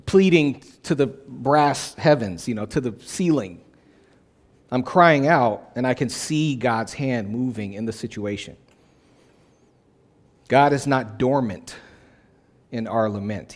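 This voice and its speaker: Emphatic male pastor preaching a sermon. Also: mid-range voice. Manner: emphatic, repeats key phrases for effect; conversational, plain-spoken preaching.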